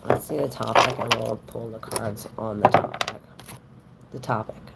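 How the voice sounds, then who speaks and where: A woman's voice: a bass voice, steady tone, normal speed, vocal fry, very noisy. A woman giving a casual tarot reading on a livestream, chatting straight to her viewers with plenty of fillers.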